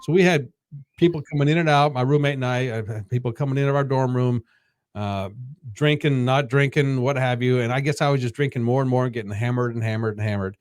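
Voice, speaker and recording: A man in his fifties, a podcast guest, telling casual stories in a halting way that repeats words. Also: medium pitch, darkish tone, no room sound, studio quality. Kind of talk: casual storytelling.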